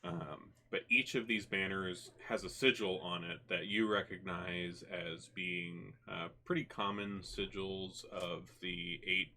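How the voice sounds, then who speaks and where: A man narrating a tabletop game as game master, relaxed and full of fillers. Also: deep voice, slow, hardly any pauses. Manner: relaxed, many fillers and restarts.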